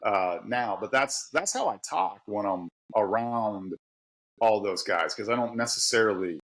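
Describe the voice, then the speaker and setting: A middle-aged guest from Pittsburgh, an author and tradesman, talks candidly and laughs a lot during a casual podcast conversation, in a Pittsburgh accent. His voice is on the low side and a bit bright, with lively intonation and a slightly slow pace. The audio is poor.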